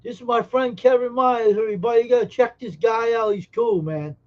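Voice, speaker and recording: A man's voice: very high-pitched, brisk, dull audio. A man hosting a casual live stream, joking brashly and teasing viewers in chat. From Massachusetts.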